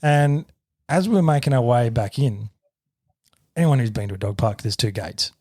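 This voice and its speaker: A man's voice: medium pitch, moderate pace, no echo. Aussie guy in his 30s ranting a story on a podcast, lots of swearing, dry close sound. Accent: Australian. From Australia. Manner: sweary, animated retelling with shouted quotes. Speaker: podcast co-host. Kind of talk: casual storytelling.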